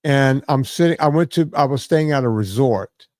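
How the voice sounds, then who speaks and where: A man hosts a casual podcast, spinning a meandering story full of "uh" and "right?". His voice sits at an ordinary middle pitch and sounds close and dry, with no room echo. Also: normal speed, darkish tone. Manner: rambling storyteller, many fillers and "right?" asides. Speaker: podcast host.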